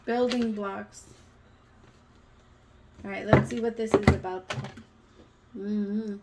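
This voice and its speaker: A woman's voice: mid-range voice, little pitch movement, takes it slowly, heavy background noise. A woman in her thirties giving a casual tarot reading, chatty and emotional, with some casual swearing. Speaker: tarot reader.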